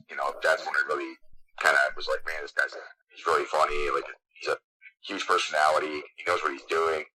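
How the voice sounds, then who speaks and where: A man who is a guest on a podcast, excitedly telling a long story with lots of fillers. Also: a bass voice, rough recording. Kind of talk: casual interview chat.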